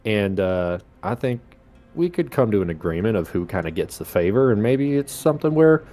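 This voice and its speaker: A man playing a tabletop game, speaking in character with rambling, halting sentences. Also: on the low side, very animated, mellow, faint music behind. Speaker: player.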